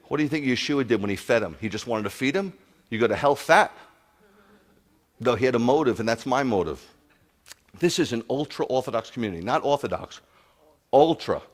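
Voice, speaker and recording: A man preaching to his congregation, animated, telling stories and asking the crowd questions. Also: medium pitch, a little fast, long pauses. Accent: New York. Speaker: pastor. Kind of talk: sermon to a congregation.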